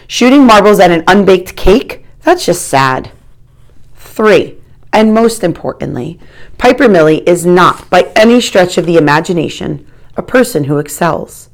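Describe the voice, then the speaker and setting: Woman narrator, first-person audiobook, wry, expressive, somewhat low voice. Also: unhurried.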